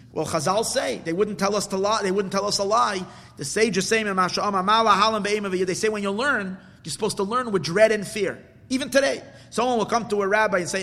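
High, animated man teaching Torah. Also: big-room sound. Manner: mixes Hebrew and Yiddish terms into English, emotional, swings from quiet to loud. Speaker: rabbi teaching a class. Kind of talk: Torah class.

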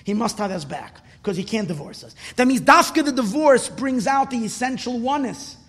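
A man giving an impassioned sermon as a religious teacher, repeating words for emphasis and swelling toward shouts. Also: very high-pitched, lively intonation, moderate pace, slightly rough. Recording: long reverb in a hall.

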